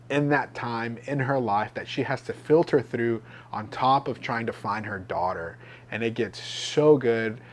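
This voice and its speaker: A man's voice: mid-range voice, sharp tone. A man with a mid-range voice chats about books he has been reading. He sounds enthusiastic and talkative, in a casual vlog-style review. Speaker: book vlogger.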